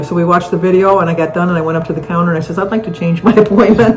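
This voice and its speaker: A woman's voice: on the low side, fast, poor audio. A woman in her seventies answering viewer questions in a casual chat, telling rambling stories and laughing through them. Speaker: co-host.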